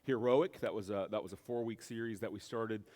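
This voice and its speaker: A man in his forties preaching a casual sermon in a church, telling stories in a relaxed, self-deprecating way with plenty of fillers. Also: lowish voice, brisk. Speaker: pastor. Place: church sanctuary.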